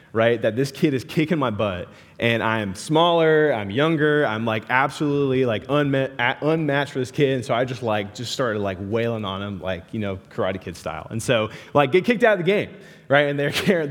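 A young man preaching a sermon, talking casually and animatedly, with lots of "like" and "right" as he tells stories. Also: on the low side. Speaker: pastor. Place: large hall with a live audience. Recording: hall reverb.

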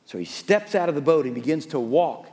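A male pastor preaching a storytelling sermon, turning from emphatic to soft and hushed. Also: fairly high pitch, expressive, a little fast, long reverb tail.

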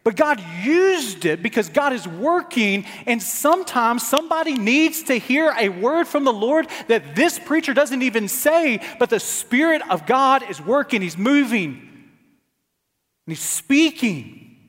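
A male pastor preaching a dramatic sermon to his congregation, sometimes dropping to soft near-whispers. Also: extremely high pitch, animated, measured pace. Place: church sanctuary. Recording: church sanctuary with long reverb.

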